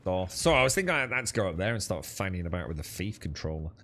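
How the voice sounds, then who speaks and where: Young guy gaming with mates, low-ish voice but bright, swings up and down a lot. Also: very animated, quick pace, slight background noise. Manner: chatty, thinks aloud, laughs easily, slangy. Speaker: gamer streaming co-op play. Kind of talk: casual gaming chat.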